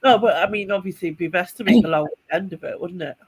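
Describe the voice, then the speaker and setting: A woman's voice: lowish voice, quick pace, slightly rough. A woman, telling a story in casual podcast chat, rambling with restarts and small laughs. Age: 40s. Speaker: podcast co-host.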